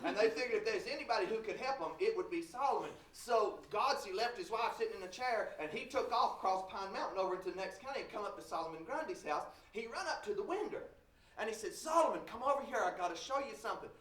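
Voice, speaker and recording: Folksy male storyteller, live; high-pitched, heard from a distance in a reverberant conference hall. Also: expressive, fast talker, fairly bright tone. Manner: folksy, joking asides to audience. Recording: roomy hall, distant mic.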